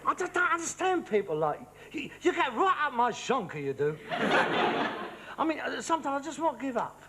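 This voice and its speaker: A man's voice: very high-pitched, sing-song, normal speed, very noisy, full character voice. An actor playing an exasperated, pompous socialist son, ranting and stumbling over his words. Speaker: sitcom actor. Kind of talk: studio sitcom acting. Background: studio audience laughter.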